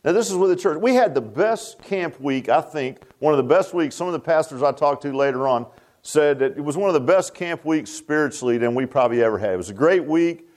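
A pastor preaches in a loose, folksy way, circling back with restarts and asides. His voice sits high for a man. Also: expressive, brisk, darkish tone. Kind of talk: sermon.

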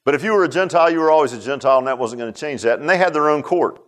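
A man preaching a conversational sermon, firing rhetorical questions and swinging between loud and hushed. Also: fairly high pitch, very fast.

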